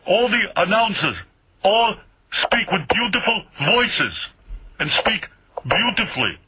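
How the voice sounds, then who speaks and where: A man's voice: high voice, very animated, slow, noisy background, pitched above the performer's own voice, heavily acted. A man putting on his nagging older father, lecturing his son. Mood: scolding. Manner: scolding, lecturing. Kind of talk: comic impression on talk radio.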